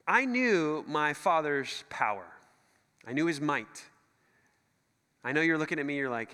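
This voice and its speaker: A middle-aged man preaches in a high, bright voice that swings up and down, animated and joking as he acts out the voices he quotes. His sermon rings with a long church hall reverb. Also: unhurried, pauses often, smooth. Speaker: pastor.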